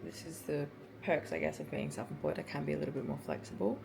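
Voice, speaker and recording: A woman's voice: deep voice, big pitch swings, fast talker, gravelly, noisy background. A young Australian woman in her twenties, chatting casually for her vlog in her car, rambling with lots of ums. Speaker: vlogger.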